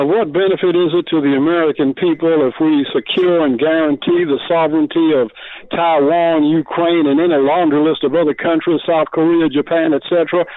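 A man's voice: on the high side, dry recording. A man with a Southern US accent calling in to a radio show, speaking in a formal, flowery, oratorical way. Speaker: caller. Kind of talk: call-in radio caller. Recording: tinny phone line.

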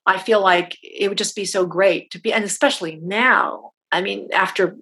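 A middle-aged actress chatting as an interview guest, telling stories in a halting way with many restarts. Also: female voice, medium pitch, steady tone, sharp tone, breathy edge. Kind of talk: casual interview chat.

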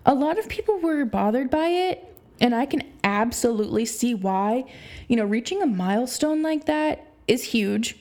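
A young adult woman hosting a solo sports podcast, talking in an animated way with many fillers like "you know" and "like". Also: on the high side, moderate pace. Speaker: podcast host.

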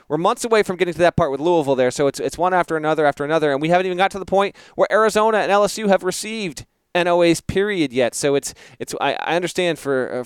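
Calm reporter guy on a sports podcast, smooth voice, dry close audio. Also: fairly high pitch, dry recording. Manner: measured, explanatory, trails off softly. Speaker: reporter guest. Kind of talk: casual sports talk.

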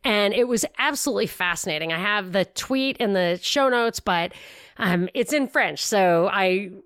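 A woman hosting a podcast, chatting casually and retelling a story with lively quotes. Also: mid-range voice, moderate pace, smooth, no echo. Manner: animated retelling, quoting others, frequent laughs. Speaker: podcast host. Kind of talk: casual commentary chat.

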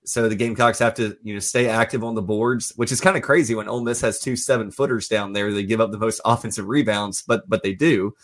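A man on a sports talk show giving a steady, analytical breakdown of a game. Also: lowish voice, fast, few pauses.

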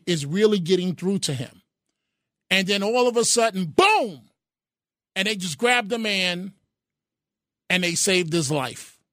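High-voiced, impassioned talk radio man. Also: fairly bright tone, no echo, clean studio sound. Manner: emphatic, impassioned storytelling. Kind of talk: opinionated talk radio monologue. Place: radio studio. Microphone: studio microphone.

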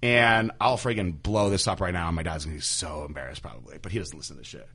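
A young adult man hosting a podcast, telling stories in a candid, crude way and slipping into animated impressions of the people he quotes. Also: low-pitched, fast, husky. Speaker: podcast host. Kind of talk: casual podcast chat.

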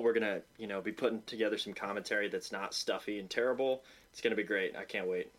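A man co-hosting a casual tennis podcast, excitable and quick to laugh. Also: lowish voice. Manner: excitable, laughs often, lots of fillers. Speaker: podcast co-host. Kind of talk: casual sports podcast chat.

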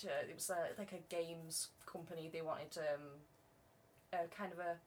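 A woman's voice: fairly low pitch, flat delivery, moderate pace, a little mellow, slight background noise. A young woman from England with a Southern English accent, a voice actor chatting casually and often laughing. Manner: laughs often, quotes others in put-on voices. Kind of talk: casual chat.

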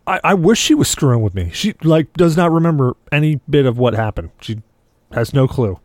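A man on a gaming podcast spins a story with lots of play-acted dialogue, voice sitting at an ordinary middle pitch. The sound is dry and close, with no room echo at all. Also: lively intonation, fairly quick. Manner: vivid storyteller who acts out quoted dialogue. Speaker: podcast co-host. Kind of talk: casual podcast chat.

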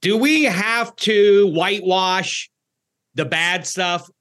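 A man hosting a sports talk show, chatting casually with animated asides and quick self-corrections. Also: high-pitched, clean tone. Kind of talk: casual sports podcast chat.

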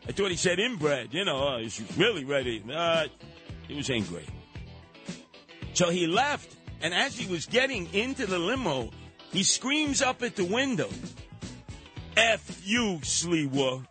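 An older man with a New York accent hosting a radio talk show, telling stories in an animated way and slipping into other voices. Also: high voice, moderate pace, faint music behind.

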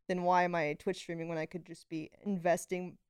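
A young woman talking casually as a podcast guest, matter-of-fact and quick to laugh. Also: on the low side, little pitch movement, a little mellow, clear, resonant tone, dry recording, clean studio sound. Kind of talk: casual chat.

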